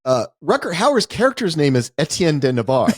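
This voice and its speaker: A man co-hosting a podcast, retelling a film's plot in a casual, explanatory way with slow, deliberate stretches. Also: fairly high pitch, big pitch swings, dry recording, studio quality. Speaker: podcast co-host. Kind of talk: casual film review chat.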